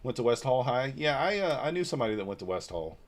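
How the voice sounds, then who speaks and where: Fast-talking and sing-song in a mid-range voice, this man in his forties from Northeast Georgia hosts a casual trading livestream. He reads out and answers viewers' comments in a loose, blunt manner, swearing mildly.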